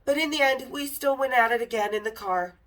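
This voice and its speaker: A woman hosting a podcast, telling a candid story in a casual, profane and animated way. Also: fairly high pitch, brisk.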